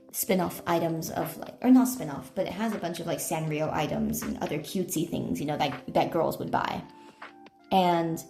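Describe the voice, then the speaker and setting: A woman's voice: on the low side, creaky, a little mellow. A woman streamer chatting casually, telling rambling stories full of fillers and self-corrections. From United States. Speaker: IRL streamer. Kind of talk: casual live-stream chat.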